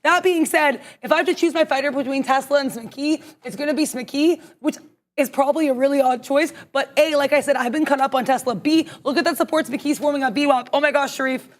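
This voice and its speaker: A woman co-hosting a live trading stream, talking through her trades out loud in an emphatic, excitable way. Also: high voice, brisk. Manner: emphatic, excitable, talks to herself aloud. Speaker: day trader co-host.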